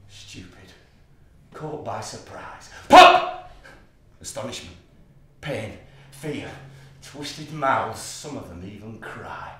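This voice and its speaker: An actor playing a menacing, order-obsessed psychopathic man in a stage monologue, slow and intense, dropping to whispers and bursting out loud. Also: on the low side, slight background noise. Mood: gloating. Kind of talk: theatrical monologue. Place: theatre stage. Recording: distant, echoey stage recording.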